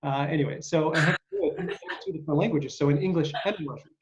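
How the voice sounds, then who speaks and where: A man's voice: on the high side, quick pace, background noise. A middle-aged man hosting a podcast, rambling casually with lots of hesitant fillers. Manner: rambling, hesitant, many uhs. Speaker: podcast host. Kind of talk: casual interview chat. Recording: dull lo-fi audio.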